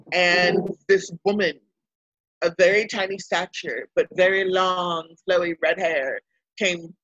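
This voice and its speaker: Woman from baltimore chatting in an interview, bright voice, dry kinda dull recording. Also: on the low side, no echo. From Baltimore, United States. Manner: animated storyteller who acts out quotes. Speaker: interview guest. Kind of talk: casual storytelling interview.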